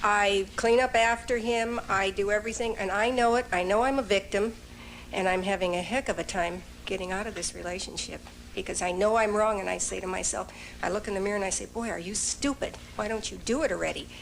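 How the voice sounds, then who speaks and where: A woman's voice: mid-range voice, steady tone, a little fast, creaky, a little hiss or hum, low-quality recording. A middle-aged woman from the audience talking frankly and self-critically about her own marriage. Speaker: audience member. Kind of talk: personal confession from the audience.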